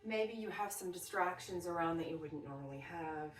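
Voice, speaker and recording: A woman guiding a yoga class with slow, soothing breath cues. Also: lowish voice, recorded from a distance, soft background music. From Texas. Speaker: yoga teacher. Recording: roomy sound from off the mic.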